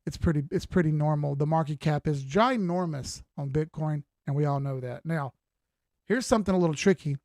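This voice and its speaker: Yawning and tired, a man gives relaxed live-stream commentary on crypto charts, dropping folksy slang and circling back to the same phrases. His voice is a little high and darkish, a touch fast, captured in studio quality with no room sound.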